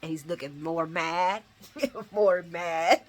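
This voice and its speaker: Her voice is low-leaning and slow as she runs through a soap opera recap in a relaxed, animated way. She laughs along, performs the characters' dialogue, and uses plenty of casual slang and swearing.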